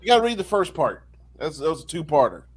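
A man co-hosting a casual podcast, throwing in dry quick one-liners. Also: a little high, big pitch swings, husky. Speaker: podcast co-host. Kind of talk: casual chat.

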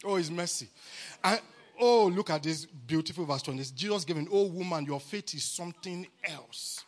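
Exuberant high-voiced Nigerian preacher. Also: male voice, normal speed. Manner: exuberant, call-and-response, rising to shouts. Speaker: guest preacher. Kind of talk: sermon. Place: church camp meeting.

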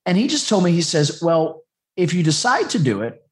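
A man tells his story as a podcast guest. His voice sits a touch high, and he rambles in a chatty way, often restarting his sentences. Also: huge pitch swings, moderate pace. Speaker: dog trainer, podcast guest. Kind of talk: casual storytelling interview.

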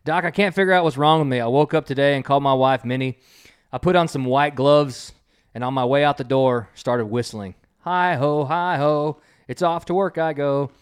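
A man's voice: mid-range voice, moderate pace, clean tone, lightly acted. A man voicing an eager fretful patient. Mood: puzzled. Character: anxious male patient pleading with a doctor.

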